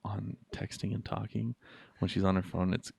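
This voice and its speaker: A man's voice: on the low side, level tone, normal speed, vocal fry, darkish tone, breathy edge, dry recording. A man co-hosting a podcast in casual chat, playful and swearing freely. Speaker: podcast co-host.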